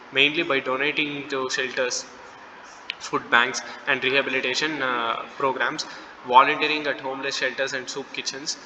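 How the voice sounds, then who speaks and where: A young man reads his part of a class presentation in a flat, monotone delivery. His tone is sharp and bright. A long reverb trails each phrase, with faint noise underneath. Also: medium pitch. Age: young adult. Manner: reading steadily from notes with fillers. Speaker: student presenter.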